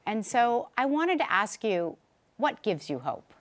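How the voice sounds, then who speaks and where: A woman's voice: on the high side, big pitch swings, a little slow. A woman hosting a book interview, asking questions and affirming her guest in an encouraging way. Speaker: host. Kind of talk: interview chat.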